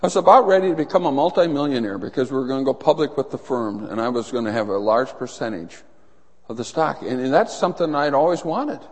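A man's voice: medium pitch, fast, breathy edge. A middle-aged man preaching a sermon as a pastor, telling stories and acting out voices. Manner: animated storytelling, acts out voices in anecdotes. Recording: long reverb in a large hall.

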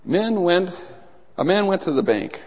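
This middle-aged man is a pastor preaching with a high-pitched voice at a measured pace. His sermon is full of animated storytelling where he acts out the characters' voices, heard through the long reverb of a large hall.

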